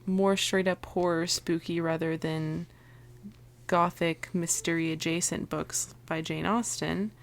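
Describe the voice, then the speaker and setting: Young woman cohost, bit low voice, chatty, lots of ums and giggles. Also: steady tone, unhurried. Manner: chatty, laughs often, hesitant fillers. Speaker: podcast co-host. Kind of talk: casual podcast chat.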